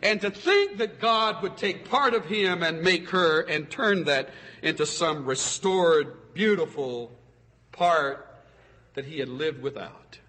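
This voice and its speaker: A man preaching a sermon as a pastor, with expressive delivery that swings from soaring exclamations to hushed, intimate asides. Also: a little high, takes it slowly, in a large hall.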